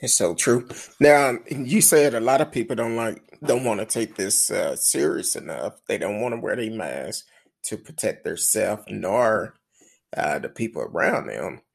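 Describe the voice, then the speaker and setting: Husky gravelly guy chatting, lively up-and-down voice, storytelling. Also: lowish voice. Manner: animated storytelling with quick agreeing interjections. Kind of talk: casual chat.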